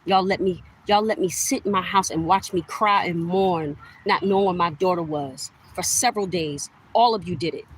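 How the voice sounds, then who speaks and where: On poor audio with slight background noise, a vlogger in middle age launches into a direct-to-camera rant. Her fairly low voice moves at normal speed with few pauses as she accuses, repeats herself for emphasis, and talks to "y'all" in a heated tone.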